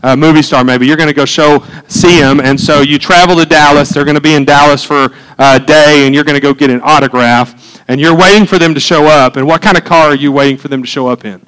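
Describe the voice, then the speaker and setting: A man delivers a sermon to his congregation. He talks in an easy, conversational way, then climbs into fervent emphasis. His voice sits a little high for a man. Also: fairly even intonation, fairly quick, fairly bright tone, smooth, poor audio. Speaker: pastor.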